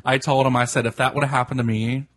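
A man co-hosting a podcast in casual chat, gossipy and quick to laugh. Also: medium pitch, flat delivery, a bit bright. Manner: chatty, gossipy, laughs often. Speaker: podcast co-host.

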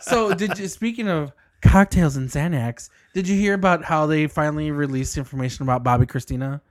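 A woman's voice: deep voice, brisk. A woman co-hosting a podcast in casual chat, laughing often and swearing freely. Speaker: podcast co-host.

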